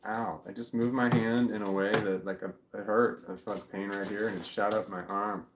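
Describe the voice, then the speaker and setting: A middle-aged man vlogging in casual chat, rambling and halting, with blunt swearing. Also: fairly low pitch, level tone, reverberant, noisy background.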